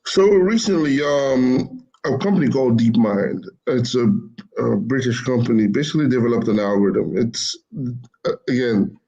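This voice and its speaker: A man's voice: medium pitch, moderate pace, dark tone, highs cut off. A man explaining machine learning in casual talk, rambling and repeating himself as he corrects his words. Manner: rambling, repeats phrases, self-corrects often.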